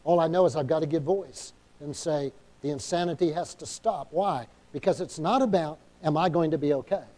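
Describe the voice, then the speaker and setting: A male pastor with a New England accent preaches with a high, warm voice. He is emphatic, stops often for an amen, and acts out small dialogues as he goes. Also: a little fast. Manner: emphatic preaching, calls for amens; acts out quoted inner dialogue. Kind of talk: sermon.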